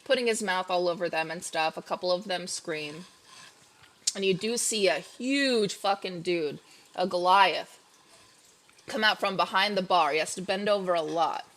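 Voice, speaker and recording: A woman's voice: fairly low pitch, fairly bright tone. A woman narrating as game master in a casual, chatty way full of fillers.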